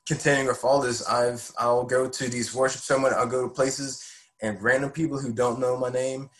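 A man's voice: mid-range voice, little pitch movement, fairly quick, rough recording. A man in his twenties, a podcast guest, telling his faith story in an earnest, heartfelt way. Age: 20s. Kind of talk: personal faith testimony.

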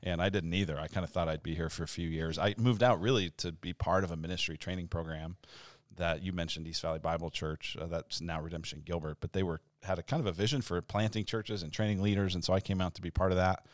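A man in his forties, a pastor hosting a casual church podcast, easygoing and quick to laugh. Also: low-pitched, fairly even intonation, dry recording. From Denver, Colorado.

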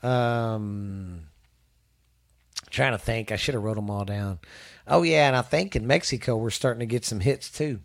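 A man's voice: medium pitch, unhurried, vocal fry. A man from Texas hosting a casual podcast, rambling, swearing and restarting sentences. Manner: rambling, profane, restarts often. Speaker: podcast host.

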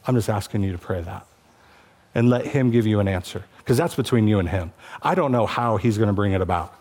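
A man's voice: on the low side, brisk, a little mellow. A male pastor preaching a sermon to his church, conversational and passionate, rising to emphatic peaks.

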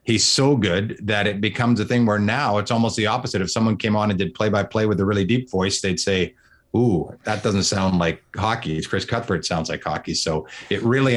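Low-voiced middle-aged sportscaster, chatty. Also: male voice, fairly bright tone. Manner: earnest, talkative, quick to restart phrases. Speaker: sportscaster guest. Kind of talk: casual conversation.

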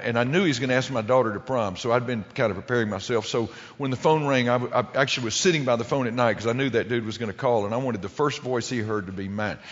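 A middle-aged man telling a humorous story to a live audience, rambling and restarting his sentences often. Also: mid-range voice. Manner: rambling, with many restarts and stumbles. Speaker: public speaker telling a story. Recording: lo-fi recording with long hall reverb.

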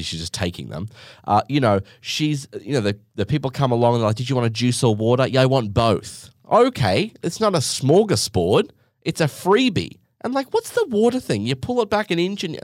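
Animated, sarcastic man telling a story. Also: fairly low pitch, no room sound, clean studio sound. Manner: animated, sarcastic and dramatic, swears freely. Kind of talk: casual storytime monologue.

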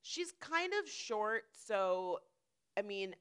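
A young woman who writes comedy, telling an animated story in casual chat and swearing freely. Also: medium pitch, takes it slowly, clean tone. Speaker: late-night comedy writer.

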